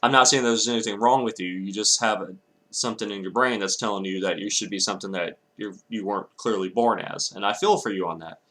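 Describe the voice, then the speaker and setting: A young Texan vlogger rants angrily and swears often, breaking off now and then to apologize. He talks fast in a lowish voice that is bright and forceful.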